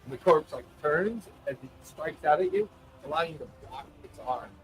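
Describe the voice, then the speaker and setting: A man's voice: fairly high pitch, moderate pace, background noise. A man acting as game master, describing combat and asking for rolls in a casual, laughing way. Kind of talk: narrating a tabletop game.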